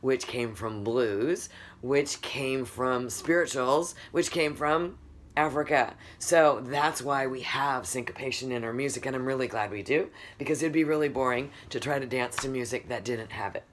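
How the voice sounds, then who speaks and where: A woman's voice: a bass voice, normal speed. A woman music teacher giving a recorded lesson for children, patiently counting beats aloud and quizzing the class as she goes.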